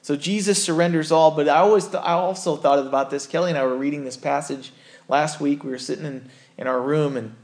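A man's voice: a little high, fairly even intonation, brisk, darkish tone. A man preaching a sermon as a pastor, earnest and conversational, often correcting himself mid-sentence.

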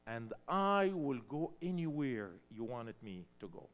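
A man preaching a sermon in English, which is not his first language, swinging between loud emphatic cries and hushed storytelling. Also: mid-range voice, very animated, unhurried, muffled recording. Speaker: pastor.

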